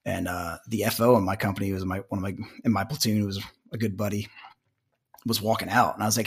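Gravelly, husky-voiced man telling war stories. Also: lowish voice, steady tone, fast talker, fairly bright tone. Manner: laid-back anecdotes, laughs at own punchlines. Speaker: podcast guest, former army medic. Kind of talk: casual storytelling.

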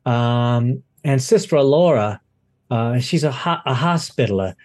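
A man voicing a flustered woman dock supervisor who rambles, halting on fillers. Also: mid-range voice, expressive, a little mellow, natural voice. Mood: anxious.

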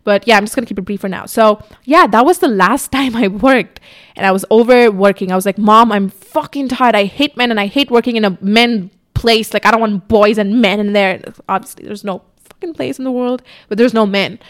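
A woman's voice: medium pitch, brisk. A young woman YouTuber talking to her camera in a casual sit-down vlog, chatty and candid, swearing casually. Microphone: camera on tripod in front of her.

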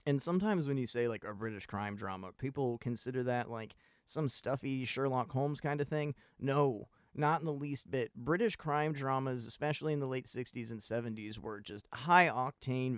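A man's voice: lowish voice, clean tone, no room sound, clean studio sound. A man co-hosting a movie podcast, talking in a rambling, profane, enthusiastic way. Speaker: podcast co-host. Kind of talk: casual movie podcast chat.

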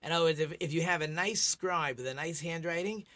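Bright-voiced chatty man, rabbi radio host. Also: fairly high pitch, a little fast. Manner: chatty, tells jokes, teacherly. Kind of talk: casual radio talk show.

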